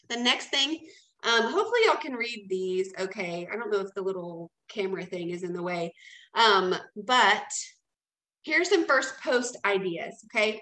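A woman's voice: fairly high pitch, fairly bright tone, roomy sound, rough recording. A woman leading a casual training talk, chatty and encouraging, often checking in with "okay?". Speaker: team leader training new sellers.

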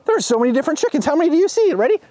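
Outdoors at a farm pen, a man with a very high voice talks rapid-fire to young kids as host of a children's show. He's excitable, gasping and making sing-song animal noises.

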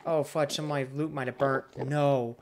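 A man's voice: medium pitch, fairly even intonation, moderate pace. A man commentating his own gameplay casually, groaning and mocking himself over his mistakes. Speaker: gaming streamer. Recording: loud background noise and clicks.

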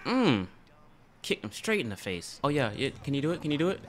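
A man giving casual, excitable gameplay commentary as a gaming YouTuber, often breaking into loud laughter. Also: medium pitch, fairly quick, background noise.

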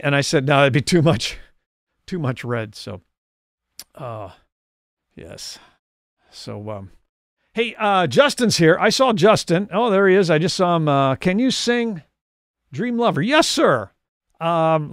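A man's voice: sits high, sing-song, normal speed, no room sound, studio quality. A man hosting a live music stream, crooning songs and chatting with viewers in a rambling way between songs, laughing often. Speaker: host and singer. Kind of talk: live-stream lounge singing and chat.

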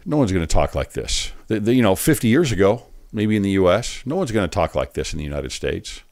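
A man giving earnest, emphatic commentary on a political speech clip, pausing it to preach his point. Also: deep voice, big pitch swings, vocal fry, darkish tone. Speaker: online commentator.

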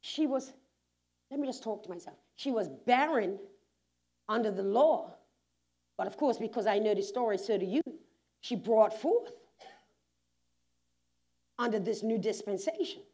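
Bermudian lady pastor preaching, high voice, goes quiet then shouts, church sermon. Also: measured pace, long pauses. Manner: animated preaching, swings from quiet talk to loud shouts, laughing asides. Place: church sanctuary.

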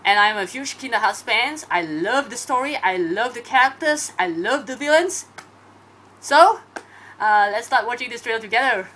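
A woman's voice: on the high side, lively intonation, moderate pace, bright, forceful tone. A young woman hosting a fan reaction video, gushing and exclaiming over and over.

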